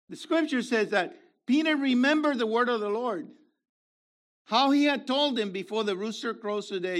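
This preacher's voice sits high as he delivers an animated sermon. He moves between booming emphasis and hushed asides, adding playful comments throughout.

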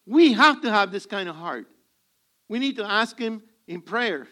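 A man's voice: high-pitched, expressive, measured pace, pushed and bright. A male pastor preaching to a congregation, telling humorous stories and acting out bits of dialogue. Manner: humorous storytelling, acts out dialogue. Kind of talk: sermon.

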